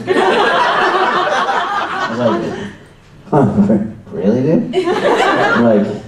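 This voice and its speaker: A man, an actor on a convention panel, loudly retelling a strange fan encounter with incredulous laughter. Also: medium pitch, huge pitch swings, unhurried, very noisy. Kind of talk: casual anecdote telling. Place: convention hall. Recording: echoey hall, distant mic, crowd behind.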